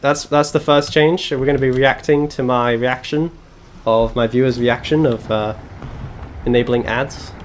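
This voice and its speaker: A man at mid pitch talking through a live game stream, full of sarcastic asides and self-mocking jokes. A faint hum of noise sits behind his voice. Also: fairly even intonation, measured pace. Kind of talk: live gaming stream chat.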